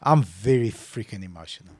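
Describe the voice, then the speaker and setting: In a fairly low, expressive voice and at a fairly quick pace, a man co-hosts a casual podcast, captured on a dry recording. He tells stories with animation and acts out his phone calls.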